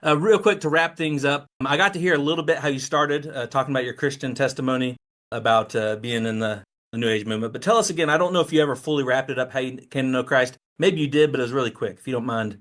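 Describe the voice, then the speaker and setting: A man hosts an interview and talks plainly and firmly. His voice sits at a middle pitch for a man. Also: fast talker, a bit bright. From East Tennessee. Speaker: host. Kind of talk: interview conversation.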